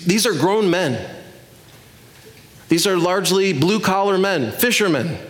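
Animated male preacher, slightly high voice. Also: measured pace. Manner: animated storytelling, asks the listeners questions. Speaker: pastor. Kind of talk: sermon.

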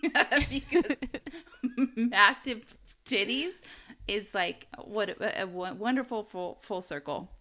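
A woman's voice: medium pitch, animated, slow pace, pushed and bright. A woman co-hosting a casual true-crime podcast, rambling and laughing often as she talks. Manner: giggly, rambling, frequent laughter. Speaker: podcast co-host.

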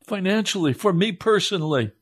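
A man's voice: sits high, animated, a little fast. A preacher delivers an impassioned sermon. He pleads with his listeners and sounds close to tears. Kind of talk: emotional sermon.

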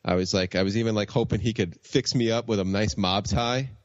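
A man's voice: on the low side, steady tone, brisk, no echo, lo-fi sound. A man co-hosting a podcast, joking and stammering playfully through comic banter. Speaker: podcast co-host.

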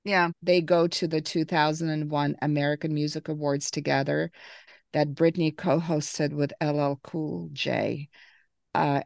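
Low gravelly woman podcast host. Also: no room sound, clean studio sound. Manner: recaps and reads quotes, laughs easily. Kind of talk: casual book-club chat.

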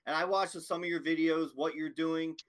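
A man's voice: a little high, steady tone, normal speed. A man hosting a casual podcast conversation, talking in an enthusiastic, affirming way. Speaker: podcast host.

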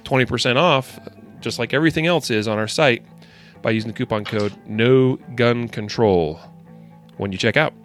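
A man's voice: medium pitch, moderate pace, a bit bright, faint music behind. A man hosting a podcast, chatting casually and reading sponsor spots in an upbeat, conversational way. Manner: upbeat, conversational, with fillers and asides. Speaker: podcast host. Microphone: screen-sharing video call setup.

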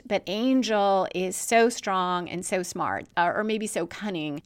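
A woman podcast host retelling and analyzing a TV episode, thoughtful and measured, with the odd filler. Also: mid-range voice, dry recording, clean studio sound.

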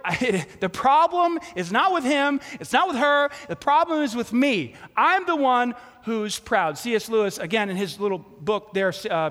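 Animated male pastor preaching in a hall. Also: high voice. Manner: animated storytelling with acted-out quotes. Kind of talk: sermon.

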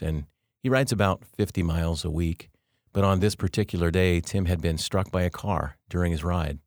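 Deep-voiced earnest man telling faith stories. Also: no echo, clean studio sound. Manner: earnest, warm-humored storytelling with slow emphatic phrasing. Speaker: devotional podcast host. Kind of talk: faith-based storytelling podcast.

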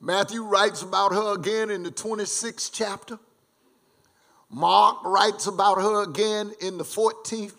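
A male pastor preaching a sermon in an emphatic way, with repetitions and lively asides. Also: high voice, creaky.

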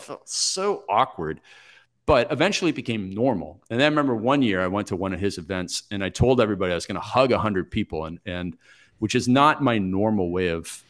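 Man in his forties, lowish voice. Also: a bit bright. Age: 40s. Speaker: podcast guest. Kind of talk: conversational interview storytelling.

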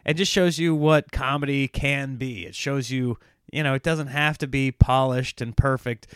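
A man's voice: medium pitch, steady tone, normal speed, clean tone, no echo, studio quality. A man hosting a solo podcast in a casual, rambling, self-mocking way, often laughing at himself. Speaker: podcast host.

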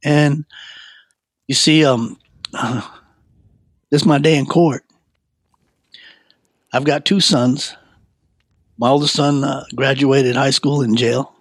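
A man giving a personal testimony in rambling, halting storytelling. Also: mid-range voice, steady tone, no room sound. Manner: halting, with many fillers and restarts.

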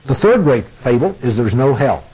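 With a mid-range, sing-song voice that is mellow and husky, a man preaches at a moderate pace to a congregation over lo-fi radio. He is emphatic and repetitive, addressing the crowd as "guys."

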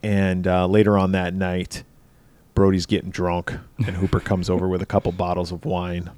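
A man's voice: low-pitched, monotone, moderate pace, darkish tone, clear, resonant tone, dry recording. A man co-hosting a podcast, animatedly retelling movie scenes in casual chat, acting out lines and laughing often. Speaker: podcast co-host.

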